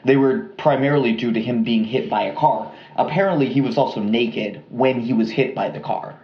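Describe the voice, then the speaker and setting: A man co-hosting a podcast, telling a true-crime story in a casual, relaxed way with lots of fillers and asides. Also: mid-range voice, normal speed, echoey room, dull audio. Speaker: podcast co-host.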